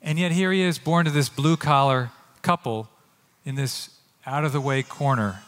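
A man preaching a sermon as pastor, earnest and animated, often acting out quotes. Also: medium pitch, normal speed, in a large hall. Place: church sanctuary.

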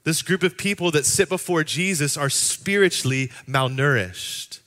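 A man's voice: a little high, moderate pace, pushed and bright. A man preaching a sermon in a conversational way, breaking into playful asides. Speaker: pastor.

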